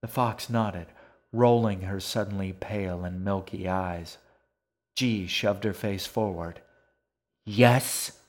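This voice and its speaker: A man narrating a dark fantasy audiobook in a measured, even manner. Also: sits low. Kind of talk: scripted narration.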